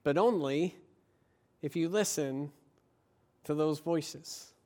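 A man with a notably high voice preaching a sermon. He speaks as a pastor in an emphatic, measured way. He draws out key phrases and leans on rhetorical questions. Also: a little mellow.

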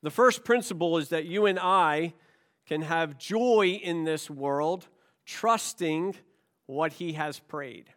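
High-voiced man preaching conversationally. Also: slow, a bit bright. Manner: conversational preaching with anecdotes and rhetorical questions. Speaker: pastor. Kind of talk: sermon. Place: church.

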